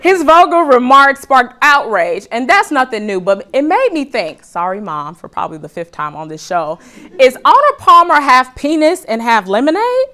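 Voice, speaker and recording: Brief: woman talk show host, playful comedic monologue, slightly high pitch. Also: big pitch swings, moderate pace, sharp tone. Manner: joking, addresses audience as y'all. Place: studio with live audience.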